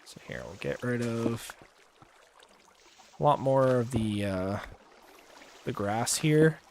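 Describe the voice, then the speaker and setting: A young man talking casually as he plays a game on a livestream, relaxed and rambling with many fillers and pauses. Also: mid-range voice, a little hiss or hum. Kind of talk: casual gameplay commentary.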